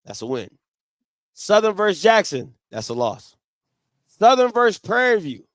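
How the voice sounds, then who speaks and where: A man's voice: sits high, big pitch swings, moderate pace, a bit bright, no echo. A man hosting a sports talk show, debating football in an emphatic style and repeating his points.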